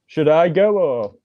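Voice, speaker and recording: A man telling a personal paranormal story on a live group call, rambling and halting with frequent restarts. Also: on the high side, no room sound, dull audio.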